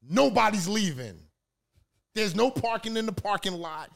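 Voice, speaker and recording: A man with a New York accent from Queens, cursing freely and telling animated stories in a heated podcast debate. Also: sits high, measured pace, vocal fry. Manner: profane, animated storytelling. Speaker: podcast co-host.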